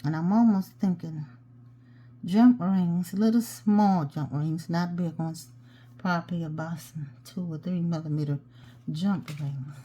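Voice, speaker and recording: Woman, low mellow voice, casual tutorial host who narrates her work to herself. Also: a little slow. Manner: chatty, talks to herself while working. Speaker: jewelry-making tutorial host. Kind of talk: casual step-by-step craft tutorial.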